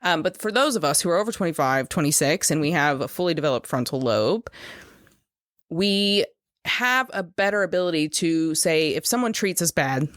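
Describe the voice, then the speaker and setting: A woman's voice: sits low, animated, normal speed, fairly bright tone, no echo, studio quality. A woman hosting a solo podcast, explaining earnestly and talking straight to her listeners. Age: adult over 25. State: choked up at moments. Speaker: podcast host.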